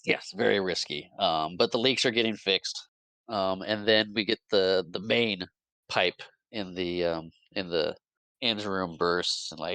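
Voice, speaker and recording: A man on a podcast giving an animated, casual recap of a movie plot, jumping into quick character voices between fillers and restarts. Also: on the low side, no echo. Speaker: podcast co-host.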